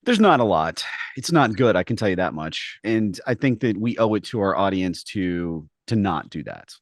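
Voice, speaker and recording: Animated man co-hosting a podcast. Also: deep voice, moderate pace, no room sound, studio quality. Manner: animated, acts out voices in his stories. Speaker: podcast co-host. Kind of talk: casual podcast chat.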